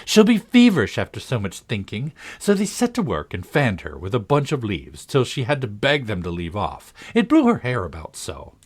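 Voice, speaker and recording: A man reading a storybook aloud with expressive storytelling. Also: lowish voice, normal speed, few pauses, slightly rough. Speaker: storybook reader.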